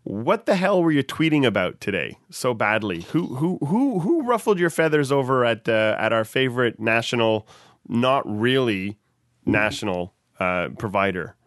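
A man's voice: mid-range voice, big pitch swings, moderate pace, no echo, studio quality. A man in a casual chat, teasing his co-host and prompting him with questions.

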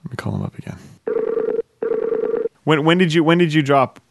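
A man's voice: a little high, fairly even intonation, normal speed, a little hiss or hum. A man hosting a podcast in casual chat, rambling, repeating himself and laughing often. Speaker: podcast host.

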